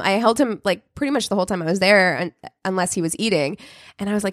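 A woman's voice: medium pitch, fast, no room sound, clean studio sound. A woman in her thirties co-hosting a podcast, telling stories in a chatty, giggly way. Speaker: podcast co-host. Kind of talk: casual chat.

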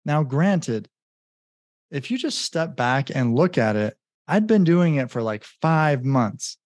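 A man's voice: on the high side, very animated, slow, darkish tone, no room sound, clean studio sound. A man talking as a podcast guest, telling a personal story in an earnest, casual way, with many "like" fillers and acted-out bits of remembered dialogue.

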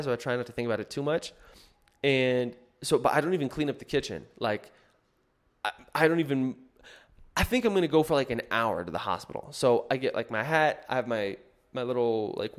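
A man's voice: medium pitch, smooth. A man telling a personal story in a casual, rambling way, full of fillers and restarts. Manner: rambling, filler-heavy, self-correcting.

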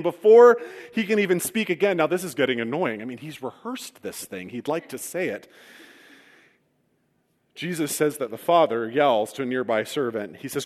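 A man's voice: medium pitch, expressive, moderate pace. A man preaching a sermon, retelling a story with humorous asides. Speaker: pastor. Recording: long reverb of a large hall.

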